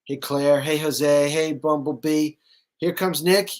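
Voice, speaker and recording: A man's voice: a little high, fairly even intonation, slow pace. A man hosting a live post-show discussion, greeting viewers by name in a loose, chatty way with lots of fillers. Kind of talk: casual live-stream chat.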